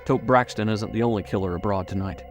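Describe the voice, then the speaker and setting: A man's voice: lowish voice, fast, faint music behind, natural voice. A man voicing a tough, resentful backwoodsman who answers curtly and angrily. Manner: curt, angry.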